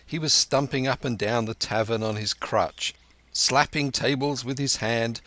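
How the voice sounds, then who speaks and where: A man reading a classic adventure novel aloud in measured, scripted narration. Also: medium pitch, a bit bright, dry recording. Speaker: audiobook narrator.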